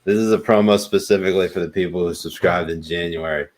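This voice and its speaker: Young man, very low voice, relaxed podcast co-host, talks loosely with filler. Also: quick pace. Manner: laid-back, chatty, lots of ums. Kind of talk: casual chat.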